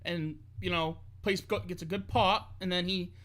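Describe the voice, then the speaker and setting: A man chatting casually on a wrestling podcast, laughing often and telling things in an animated way. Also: high-pitched, moderate pace. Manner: lively, laughing, animated storytelling.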